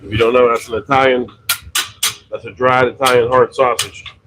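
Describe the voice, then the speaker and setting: A middle-aged man from western Pennsylvania tells a long, rambling story about his pizza shop on a livestream, with many fillers and self-corrections. His mid-range voice is flat and at normal speed, against a noisy background.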